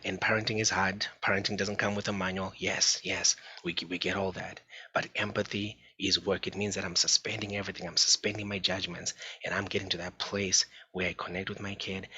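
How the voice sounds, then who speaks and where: A man with a low voice that still sounds strikingly bright and forceful gives an informal parenting talk. His tone is husky, and he speaks earnestly, often repeating himself. The recording is dull and lo-fi. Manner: earnest, repetitive, addresses listeners as folks. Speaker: psychologist giving a parenting talk. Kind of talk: informal presentation.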